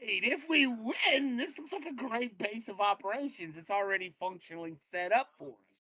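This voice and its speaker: A woman's voice: fairly high pitch, moderate pace, pushed and bright, low-quality recording. A woman playing a tabletop game, chatting with the group in a teasing, sassy way. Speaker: player.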